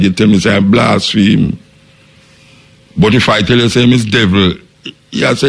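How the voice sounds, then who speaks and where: Gravelly Jamaican man reasoning aloud. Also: lowish voice, expressive, slow, long pauses, a bit bright. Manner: preaching, posing rhetorical questions, quoting others in their voices. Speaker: radio talk show host. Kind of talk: reasoning monologue on radio.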